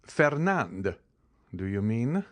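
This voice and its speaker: A man reading an audiobook, voicing a calm, commanding count with bitter irony. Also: medium pitch, a little slow, no echo, pitched above the performer's own voice. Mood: cold. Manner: calm, icy, ironic. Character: cold, commanding male count, bitterly ironic. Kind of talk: audiobook character voice.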